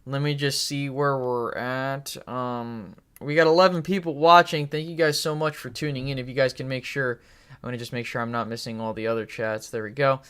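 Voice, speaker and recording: A man hosts a live sports talk stream, rambling through his opinions with fillers and restarts. His voice is smooth and resonant, sitting at an ordinary middle pitch. He swears casually when something bugs him. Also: steady tone, normal speed, fairly bright tone. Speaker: podcast host.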